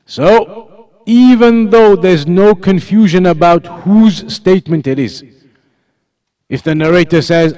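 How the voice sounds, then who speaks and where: High-voiced man teaching a religious class. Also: expressive, unhurried, a little mellow. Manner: explanatory, repeats key points, asks the class questions. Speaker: Islamic teacher. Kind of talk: religious lesson to students.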